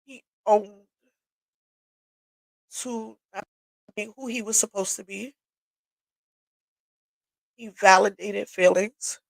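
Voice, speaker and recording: A woman's voice: medium pitch, fairly even intonation, slow pace, vocal fry, pauses often, no room sound, poor audio. A woman hosting a livestream, telling her own story in a candid, emotional way, tearful and sniffling as she talks. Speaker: livestream host. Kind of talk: personal testimony talk. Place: home workshop.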